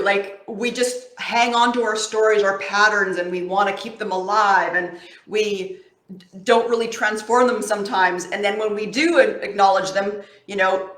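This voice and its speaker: A woman's voice: mid-range voice, a bit bright, echoey room. A woman coach giving a casual motivational talk to camera in an encouraging, affectionate, conversational way.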